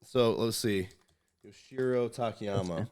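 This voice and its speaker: A man's voice: lowish voice, a little slow, a crowd in the background. A man hosting a podcast in casual chat, rambling, swearing freely and reading articles aloud. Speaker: podcast host.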